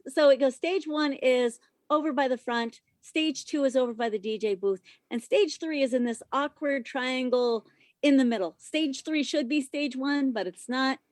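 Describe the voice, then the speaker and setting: A young adult woman, a podcast guest, telling a story casually in an animated, profane way, loud when she quotes herself. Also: a little high, dry recording, clean studio sound. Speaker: podcast guest, former stripper.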